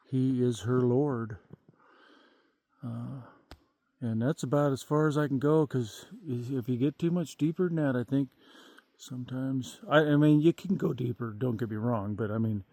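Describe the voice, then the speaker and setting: A man's voice: mid-range voice, warm tone, no echo. A man in his fifties rambling folksily with lots of fillers, vlogging outdoors at night in the countryside. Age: 50s.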